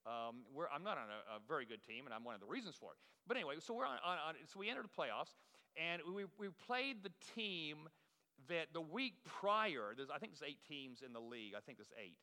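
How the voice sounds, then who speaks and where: A man's voice: on the high side, very animated, fairly quick, pushed and bright, in a large hall. A man preaching a sermon as the pastor, telling folksy, self-deprecating stories to his congregation. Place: church sanctuary.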